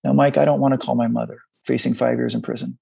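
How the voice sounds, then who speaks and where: This is a middle-aged man with a deeply gravelly, husky voice. He speaks in a dry, close sound. He tells his story in a halting, confessional way and briefly takes on the voices of the people in it. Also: little pitch movement, dark tone, no room sound. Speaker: guest. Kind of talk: candid personal storytelling in a conversation.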